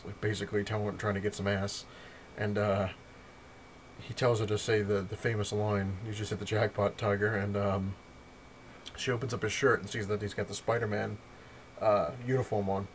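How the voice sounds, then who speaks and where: A man's voice: on the low side, slight background noise. A man chatting casually on his own show, rambling and correcting himself as he recaps comics, swearing freely. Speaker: comic collector reviewing his haul.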